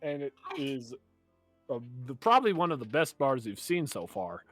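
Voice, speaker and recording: A man's voice: mid-range voice, big pitch swings, moderate pace, fairly bright tone, no room sound. Playful dm guy, laughs a lot, dry sound, a bit of music under it. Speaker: game master. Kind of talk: narrating a tabletop game.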